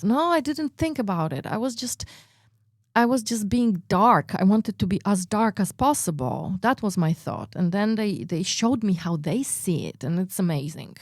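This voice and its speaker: Animated woman. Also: mid-range voice, normal speed, no echo, studio quality. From Poland. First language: Polish. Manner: animated, acts out her own reactions, many "like" fillers. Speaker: radio guest, performer. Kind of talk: personal storytelling in an interview.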